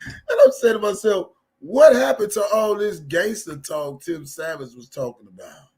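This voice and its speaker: Loud laughing male live-stream host. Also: high-pitched, big pitch swings, normal speed, slightly rough. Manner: loud, laughs hard, mimics others mockingly. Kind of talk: casual live-stream commentary.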